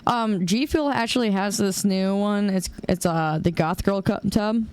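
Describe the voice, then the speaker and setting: Slow-talking young woman streamer, chatty. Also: mid-range voice, darkish tone, smooth. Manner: laughs often, talks back to chat. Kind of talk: casual chat while gaming.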